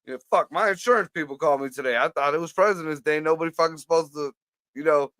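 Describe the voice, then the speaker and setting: A man's voice: fairly high pitch, fast, fairly bright tone, clear, resonant tone, no echo. A man co-hosting a casual podcast chat, blunt and profane, laughing often. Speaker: podcast co-host.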